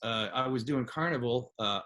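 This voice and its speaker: A man's voice: mid-range voice, moderate pace, sharp tone. A man from Germany chatting on a podcast, telling stories, swearing and laughing at his own jokes. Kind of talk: casual chat.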